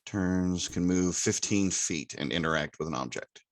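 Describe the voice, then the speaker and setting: A man playing a tabletop game, thinking aloud and asking quick rules questions. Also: sits low. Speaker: player. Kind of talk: casual tabletop play.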